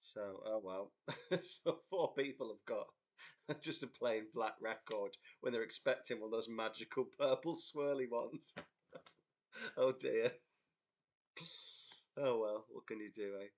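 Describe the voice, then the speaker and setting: On a livestream picked up by his computer mic, a young band member from England hosts a casual chat. He speaks in a mid-range voice, a little slowly and with frequent pauses, as he tells a rambling story with lots of laughter and reads out viewer comments.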